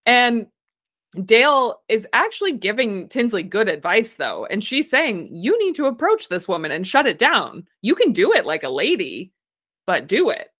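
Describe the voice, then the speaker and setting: A woman's voice: a little high, sing-song, normal speed, a bit bright. A woman co-hosting a podcast, chatting and laughing as she recaps a reality show from her notes. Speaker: podcast co-host.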